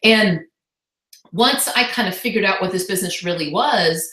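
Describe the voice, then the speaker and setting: A woman who leads a fitness business team, giving an energetic, chatty, motivational talk on a video call. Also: medium pitch, normal speed. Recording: echoey room from far off.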